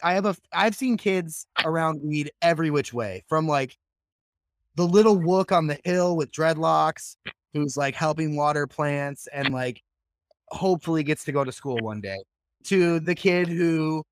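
Co-host, man with a slightly high voice, relaxed, laughs a lot, dry sound. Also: dry recording. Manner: relaxed, laughs often, swears. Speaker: podcast co-host. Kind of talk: casual chat.

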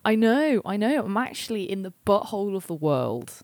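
A woman's voice: medium pitch, very animated, moderate pace, darkish tone, no room sound, studio quality. A woman co-hosting a casual podcast over a remote call, cheeky and sweary, laughing as she talks. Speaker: podcast co-host. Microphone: remote internet call.

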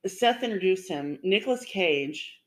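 A woman's voice: medium pitch, lively intonation, a little slow, low-quality recording. A woman co-hosting a casual podcast chat, retelling stories in a rambling way with many fillers and restarts. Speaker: podcast co-host.

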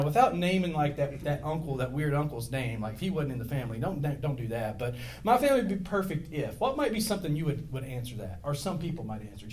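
A man's voice: medium pitch, darkish tone, slight background noise. A middle-aged man preaching a sermon to his congregation, rambling off on tangents with self-deprecating humor. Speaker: pastor. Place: church with a congregation.

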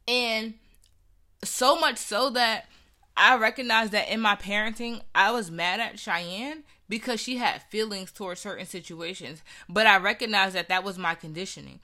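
Young woman, bright and forceful tone, candid conversational storytelling, earnest. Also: medium pitch, normal speed. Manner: earnest, conversational, acts out quoted voices.

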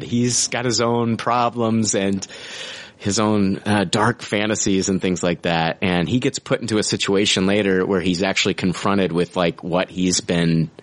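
A man co-hosting a podcast, chatting casually and enthusiastically, with frequent restarts and filler words. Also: fairly low pitch. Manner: enthusiastic, rambling with many restarts. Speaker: podcast co-host. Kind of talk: casual review chat.

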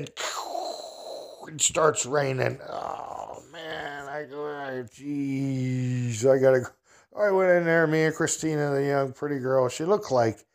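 Regular guy spinning a yarn, folksy and rambly, mid-pitched, chuckling along. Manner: folksy, rambling, chuckles at his own story. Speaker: storyteller. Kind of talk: casual spoken anecdote.

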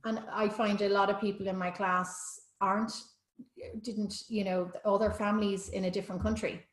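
A woman's voice: mid-range voice, level tone, normal speed. A woman, a yoga teacher chatting enthusiastically in an interview, often restarting her sentences. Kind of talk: casual interview chat. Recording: roomy echo.

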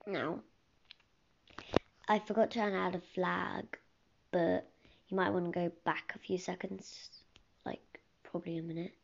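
A woman's voice: lowish voice, a little slow, gravelly, long pauses. A teenage girl hosting a casual solo podcast, rambling and often dropping into a whisper. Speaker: podcast host. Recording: dull lo-fi recording with faint hiss.

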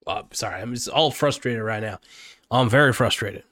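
A man rants into a close mic, angry and rambling, swearing often. His voice sits in a middle pitch and sounds dry, with no room echo at all. It is an unscripted, heated vlog monologue. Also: normal speed, pushed and bright. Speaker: political vlogger. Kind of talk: unscripted political rant.

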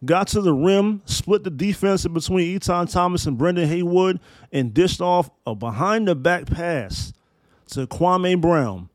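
This solo podcast host, a Maryland man in his thirties, has a high-sitting, animated voice and an unhurried delivery. He builds his points like a preacher, emphatic and profane. No room sound comes through.

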